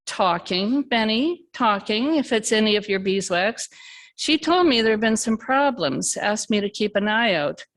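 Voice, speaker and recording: A woman reading a story aloud, voicing an angry young man who argues, swears and shouts. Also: high-pitched, expressive, measured pace, exaggerated voice. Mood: heated.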